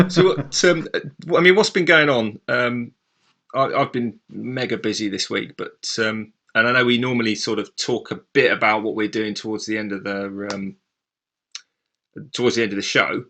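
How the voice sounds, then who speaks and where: A man's voice: fairly low pitch, fairly even intonation, moderate pace, fairly bright tone. A man co-hosting a podcast in casual chat, rambling and chatty. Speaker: podcast co-host.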